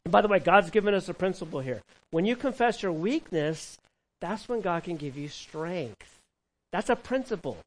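A man preaching a sermon who asks the congregation questions and acts out prayers and quotes, swinging from loud cries to hushed words. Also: high-pitched, expressive, normal speed, rough recording. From California. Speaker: pastor.

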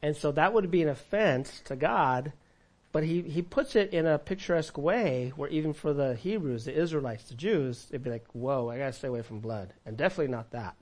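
A male pastor preaching a sermon, asking the congregation questions and swinging between loud and quiet. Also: fairly high pitch, lively intonation, a little fast. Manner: preaching with audience call-and-response, dramatic volume swings.

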